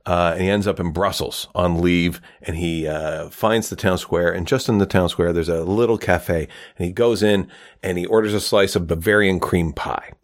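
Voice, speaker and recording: A man's voice: sits low, fairly even intonation, normal speed. A man hosting a podcast, telling a long joke in a rambling, casual way with many fillers. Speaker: podcast host.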